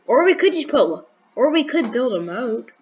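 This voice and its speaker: A woman's voice: a little high, big pitch swings, moderate pace, muffled recording. A woman giving casual commentary while building in a block game, thinking aloud with restarts, counting blocks and making dry sarcastic jokes. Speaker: gaming video creator.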